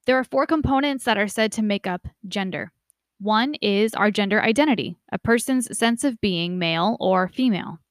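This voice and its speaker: A young woman giving a casual lecture, conversational and lively when she imitates relatives. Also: mid-range voice, moderate pace, no room sound, studio quality. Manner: conversational, animated quoting of family voices. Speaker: instructor.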